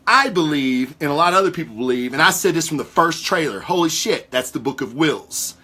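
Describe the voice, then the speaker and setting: A man hosting a casual talk show, rambling through theories with live viewers in a profane, excitable way. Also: on the high side, brisk, breathy edge. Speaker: podcast host.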